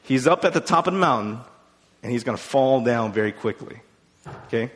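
A man's voice: medium pitch, lively intonation, brisk. A man preaching a sermon as a pastor, retelling a Bible story in a casual way with many fillers. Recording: long hall reverb.

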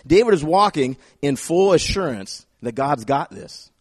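Higher-voiced guy preaching a lively sermon, repeats stuff for emphasis, dry recording. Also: unhurried, breathy edge, no echo. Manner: animated, acts out quoted voices, repeats phrases for emphasis. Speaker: pastor.

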